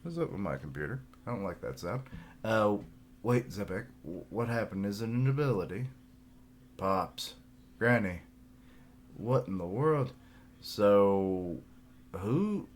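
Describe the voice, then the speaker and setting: A deep-voiced man in a loose live reaction, musing aloud as he works through the pages. He takes his time and reads the characters' lines in an even, flat way, breaking into frequent laughs. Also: takes it slowly, pauses often, slight background noise. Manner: thinks aloud, laughs often, reads dialogue aloud flatly. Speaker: manga reaction streamer. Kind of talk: casual live reaction, reading panels aloud.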